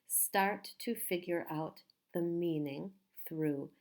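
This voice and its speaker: Woman, teacher, slow careful pace, lowish voice, patient repetition. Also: darkish tone. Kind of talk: pronunciation lesson.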